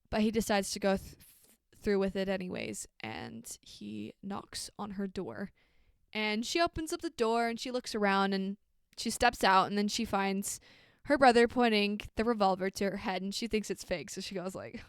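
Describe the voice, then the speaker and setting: A woman's voice: mid-range voice, expressive, normal speed, clean tone, no echo, studio quality. A woman hosting a true crime podcast, retelling a case in a casual, conversational way with frequent ums and likes.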